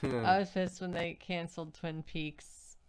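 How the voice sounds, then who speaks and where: Smooth-voiced woman co-hosting a livestream. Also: lowish voice, slow pace, a little mellow. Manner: reads viewer comments aloud, dry quips. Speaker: livestream co-host. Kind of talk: casual livestream chat.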